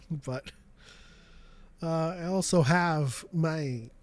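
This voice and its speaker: A man co-hosting a live show in casual chat, jokey and quick to laugh, trailing off and restarting. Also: on the high side. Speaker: podcast co-host.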